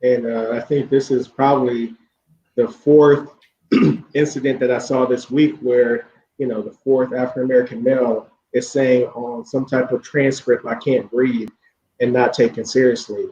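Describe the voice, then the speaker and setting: Guest guy, calm and measured, muffled roomy audio with faint hiss. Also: mid-range voice. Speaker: podcast guest. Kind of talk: discussion.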